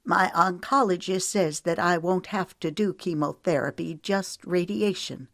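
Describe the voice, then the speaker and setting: A woman's voice: on the low side, a little slow, fairly bright tone, dry recording, clean studio sound. A woman narrator voicing a frightened mother whose voice trembles as she breaks hard news.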